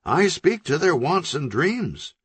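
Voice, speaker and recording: A man's voice: a little high, big pitch swings, slow pace, a bit bright, husky, dry recording, pitched above the performer's own voice, exaggerated voice. A man voicing a smarmy, self-satisfied male celebrity businessman with a glib, oily way of talking.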